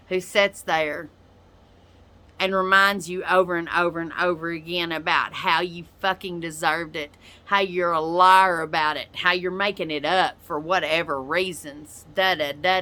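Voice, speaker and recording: Speaking straight to another person, a woman with a fairly low, bright, forceful voice delivers a profane, confrontational rant. She is a YouTuber and podcaster, and this is an angry reaction video.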